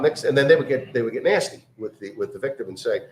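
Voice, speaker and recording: Man, casual storyteller, halting delivery with fillers; echoey room. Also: mid-range voice, expressive, a little hiss or hum. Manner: halting, many fillers and restarts, acts out quoted voices.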